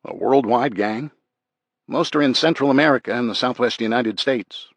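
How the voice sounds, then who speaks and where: A man voicing a blunt gruff sheriff. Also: mid-range voice, moderate pace, no echo, voice pushed up, lightly acted. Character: blunt middle-aged male sheriff.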